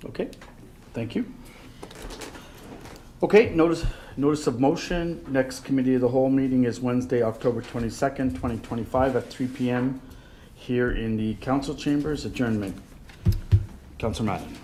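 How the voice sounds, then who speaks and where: A mayor runs a council meeting in a mid-pitched male voice, moving briskly from motion to motion. He slips in small jokes between items. A faint noise sits under the recording. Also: mellow. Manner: brisk procedural calls, light joking. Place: council chambers.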